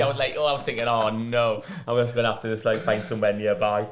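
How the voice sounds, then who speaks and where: A man co-hosting a podcast, quick and playful in casual chat with mates. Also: lowish voice, flat delivery, noisy background. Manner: quick banter, jumps into playful impressions. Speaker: podcast co-host, former footballer.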